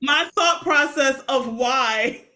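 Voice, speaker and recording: A young woman with a high, bright voice chats casually as a podcast co-host. She tells stories with animation and breaks into laughter often. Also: slow pace. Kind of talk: casual chat.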